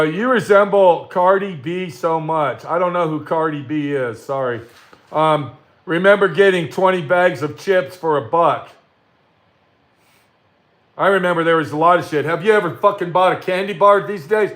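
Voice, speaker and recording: An older man hosting a livestream from his workshop speaks at normal speed in a slightly high, fairly bright voice. His rant is angry and profane, and he responds to viewer comments with hostility.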